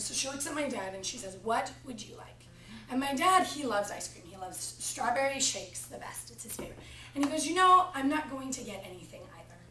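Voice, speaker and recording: Young woman preaching to a class, bit high voice, storytelling, echoey room and mic kinda far off. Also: slight background noise. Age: young adult. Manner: storytelling, animated retelling of family anecdote. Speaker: preaching student. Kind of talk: practice sermon.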